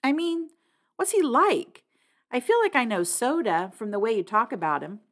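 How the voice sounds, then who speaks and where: Gentle curious teen girl, coaxing, woman reading; audiobook. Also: a little high, sing-song, normal speed, voice pushed up.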